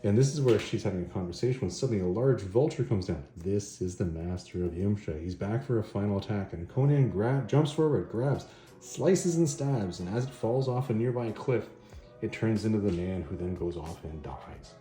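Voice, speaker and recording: Male host, casual reviewer, lowish voice with lots of pitch movement, roomy echo. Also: moderate pace. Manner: animated, chatty retelling of a story. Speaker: comic book reviewer, channel host. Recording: roomy echo, faint music.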